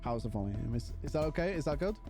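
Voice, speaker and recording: A man's voice: medium pitch, lively intonation, fast, a little mellow, faint music behind. A young British man chatting casually and a bit scatterbrained to his live-stream chat. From Britain.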